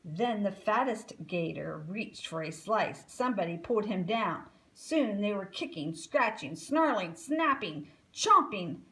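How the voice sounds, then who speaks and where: Slow, expressive woman reading a storybook. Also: mid-range voice, poor audio.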